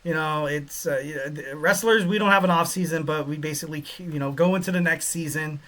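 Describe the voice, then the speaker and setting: A man's voice: fairly high pitch, a little fast, a bit bright. A man hosting a podcast, talking in a loose, joking way with many fillers and asides. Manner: rambling, joking, lots of fillers. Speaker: podcast host. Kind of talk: casual commentary.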